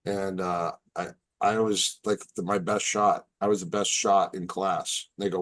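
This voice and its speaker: A man, a martial arts instructor on a podcast as a guest, telling stories in a casual, animated, halting way. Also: deep voice. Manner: animated, halting, repeats words. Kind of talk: casual storytelling.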